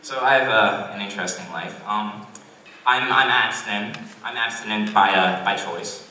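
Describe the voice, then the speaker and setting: A young man doing a stand-up set at a college comedy club, awkward and self-deprecating, with halting restarts. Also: fairly low pitch, sharp tone, a little hiss or hum. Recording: roomy distant club recording. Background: audience laughter.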